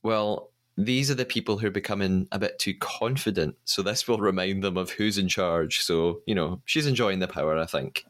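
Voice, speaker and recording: A man's voice: deep voice, normal speed, few pauses, fairly bright tone. A man hosting a podcast, casually retelling scenes with the odd stammered restart. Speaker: podcast host. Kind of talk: casual recap chat.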